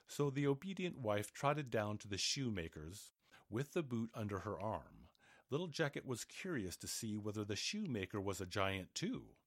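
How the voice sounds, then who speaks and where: A man narrating a fairy tale aloud in an expressive storybook reading. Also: on the low side, moderate pace, dry recording, clean studio sound. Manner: expressive, animated.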